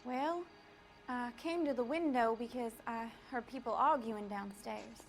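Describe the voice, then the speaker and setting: A woman's voice: on the high side, measured pace, faint music behind. An actress playing a polite female witness in a 1940s crime game, answering a detective earnestly.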